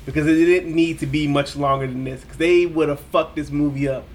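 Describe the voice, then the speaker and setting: A man with a somewhat high voice giving blunt, profane opinions in a casual podcast chat. He repeats himself to hammer a point home. A faint layer of background noise sits under him. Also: steady tone, a little fast. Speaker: podcast co-host. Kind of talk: casual movie discussion.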